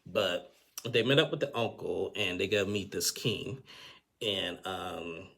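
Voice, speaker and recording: A man's voice: low voice, slow, creaky, a bit bright. A man giving a casual, rambling recap of a TV episode, often restarting his sentences and chuckling. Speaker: TV recap host.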